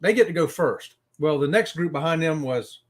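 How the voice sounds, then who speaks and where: Guy, pretty high voice, bouncy and animated, chatting on a cruise livestream. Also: moderate pace. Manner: lively, greets chat viewers, says y'all. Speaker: co-host of cruise live stream. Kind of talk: casual live stream chat.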